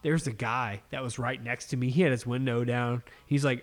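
Man hosting a casual podcast, animated and foul-mouthed. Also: mid-range voice, normal speed, hardly any pauses. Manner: swears constantly, animated storytelling. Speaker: podcast host. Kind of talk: casual chat.

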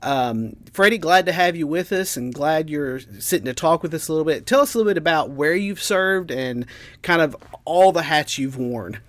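A man's voice: on the high side, expressive, normal speed. A man co-hosting a podcast in easygoing casual chat, laughing along with his partner. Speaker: podcast co-host.

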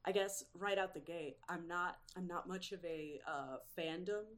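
A woman chatting as a guest in a casual interview, animated and quick to laugh, with lots of fillers. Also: fairly low pitch.

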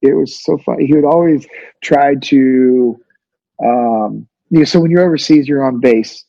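A man's voice: medium pitch, unhurried, creaky, mellow, dry recording, muffled recording. A man in his thirties telling stories casually as a podcast guest, laid-back with many fillers. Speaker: guest, former navy special operator. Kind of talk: casual storytelling.

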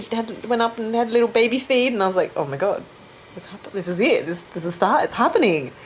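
A woman's voice: medium pitch, quick pace, slight background noise. A woman, chatting animatedly and acting out what others said. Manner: animated storyteller, acts out quotes loudly. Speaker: guest telling her birth story. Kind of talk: casual interview chat.

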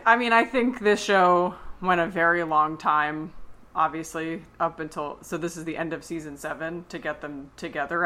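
Young woman podcaster, lowish bright voice, dry teasing jokes. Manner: dry teasing remarks, laughs easily. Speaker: podcast co-host. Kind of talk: casual chat.

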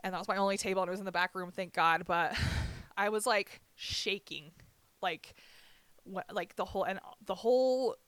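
Soft-spoken woman with a dry sound. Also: medium pitch, smooth, dry recording. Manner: candid, halting, quiet, many fillers and restarts. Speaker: podcast host. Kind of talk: casual chat.

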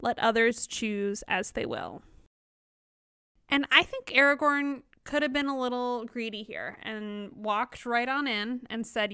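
A woman's voice: on the high side, a little slow, sharp tone, smooth, no echo, clean studio sound. A woman co-hosting a casual book discussion podcast, reading quotes aloud and playfully mimicking characters. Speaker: podcast co-host.

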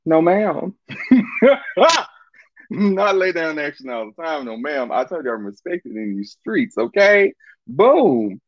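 A man tells a story in a lively, swooping voice, full of slang, swearing and frequent laughter. The recording is dry and a little muffled. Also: fairly high pitch, slow pace, pauses often, no room sound. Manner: animated, profane, laughs often. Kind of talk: casual storytelling monologue.

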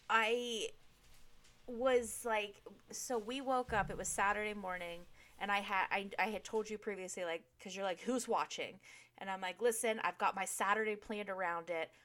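A woman's voice: mid-range voice, unhurried, a bit bright. A middle-aged woman in casual chat with a friend, talking frankly and swearing freely. She tells her stories with easy laughter.

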